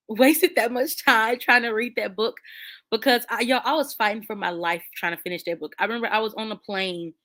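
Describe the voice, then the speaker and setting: A woman hosting a book channel, chatting casually with her viewers and answering their comments in an animated, playful way, with slang and frequent laughter. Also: a little high, brisk.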